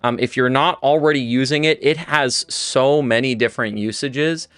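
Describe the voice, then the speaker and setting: A man's voice: mid-range voice, normal speed, a bit bright, clean tone, no echo, soft background music. A man teaching Spanish on a livestream, chatty and loose, with many restarts and fillers. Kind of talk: casual livestream lesson.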